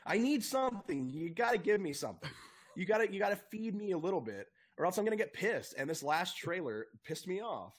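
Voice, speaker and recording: A young man co-hosting a casual podcast, talking in an excitable, profane rant. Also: high-pitched, a little fast, husky. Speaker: podcast co-host. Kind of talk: casual chat.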